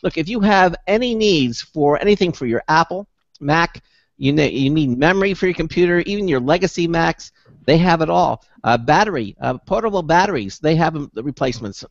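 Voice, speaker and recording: A male talk radio host who rambles and restarts his sentences, with a somewhat high voice. The sound is dry and muffled, as on a broadcast line. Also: no room sound. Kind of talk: casual radio chat.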